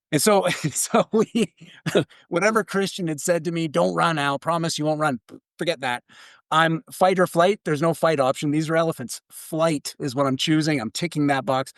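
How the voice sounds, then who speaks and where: A man from Canada, a keynote speaker, telling a story in an animated way and laughing as he goes. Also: fairly high pitch, no echo, clean studio sound. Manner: lively, laughs through his story.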